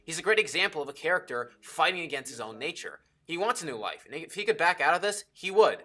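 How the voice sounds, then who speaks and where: A man's voice: a little high, big pitch swings, fast, pushed and bright. A man giving a casual, enthusiastic film review, swearing freely and dropping jokey asides.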